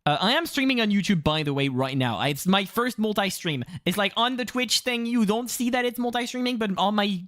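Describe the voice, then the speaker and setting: A man's voice: high voice, lively intonation, brisk, hardly any pauses, fairly bright tone. A young man from France with a French accent, chatting casually on a live stream in English. He rambles and mocks himself, swears often and slips into silly put-on voices. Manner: rambling and self-mocking, with frequent swearing and fillers; jumps into mock voices mid-sentence.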